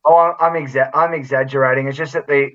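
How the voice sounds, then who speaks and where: A man's voice: medium pitch, steady tone, fast talker, fairly bright tone. Blunt Australian man, distant lo-fi mic. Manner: blunt, provocative, musing. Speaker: podcast co-host. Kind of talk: casual podcast banter. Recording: distant, dull lo-fi sound.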